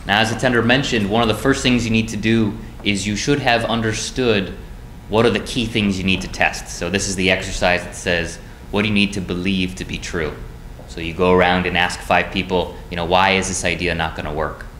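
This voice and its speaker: A man, a business school instructor, calmly walking through the steps of a plan in a recorded lecture. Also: sits low, fairly quick. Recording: echoey room, faint noise.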